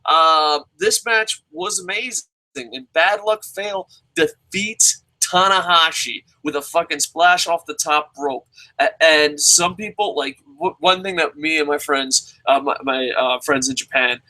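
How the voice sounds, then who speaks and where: A man reviewing wrestling shows in casual, profane commentary, excitable, with frequent swearing and stammering. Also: fairly high pitch, a little slow, low-quality recording.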